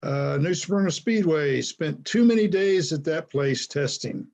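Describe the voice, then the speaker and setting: A man's voice: a little high, animated, unhurried, gravelly, darkish tone. A man hosting a podcast who chats in a loose way, reading out viewer comments and laughing at his own remarks. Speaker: podcast host. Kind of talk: podcast interview.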